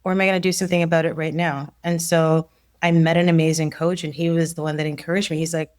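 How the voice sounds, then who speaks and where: A woman's voice: low-pitched, steady tone, fast, darkish tone, no room sound, studio quality. A woman in her forties, a leadership coach guest, telling her story in casual conversation, acting out quotes and laughing often. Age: 40s.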